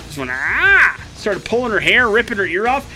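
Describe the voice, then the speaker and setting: A male radio morning show host telling stories in lively, casual banter in a studio. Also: sits high, fast, loud music behind the voice. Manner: lively, chatty, animated storytelling with fillers.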